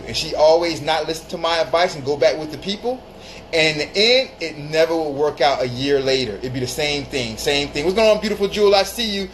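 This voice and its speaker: A man's voice: a little high, brisk, a little hiss or hum, rough recording. A man hosting a casual live stream, giving blunt advice and repeating phrases for emphasis while greeting viewers by name. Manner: greets viewers mid-talk.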